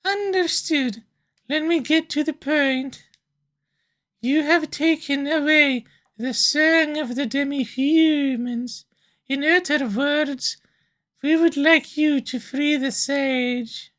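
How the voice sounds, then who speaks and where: A woman reading aloud as a proud, reproachful mermaid in a game, in a slow, measured way. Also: high-pitched, fairly bright tone. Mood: stern.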